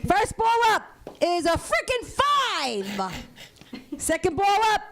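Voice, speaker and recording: A brassy New Yorker woman barking out lottery numbers with a thick accent , as a female comic puts her on. Her voice sits high and loud, and she talks with swagger. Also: very animated, slow pace, slight background noise, exaggerated voice. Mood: brash. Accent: New York.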